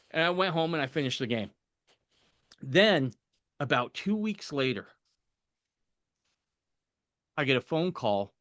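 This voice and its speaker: A mid-pitched man tells a personal story on a podcast in a loose, conversational way. He acts out the people he quotes and laughs at himself along the way. The sound is dry and close to the mic. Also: dry recording. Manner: animated anecdote-telling, acting out quoted voices, laughing at himself. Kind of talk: casual storytelling.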